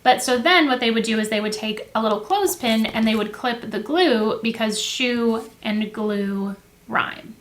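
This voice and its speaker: A woman's voice: a little high, a little slow. A young woman teacher talking casually and in a friendly way to camera as she explains classroom activities. She fills her talk with "um" and "like" and often corrects herself. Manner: friendly and chatty, with filler words and self-corrections. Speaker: teacher and education video host. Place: indoors at a table with materials. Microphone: camera close to the table.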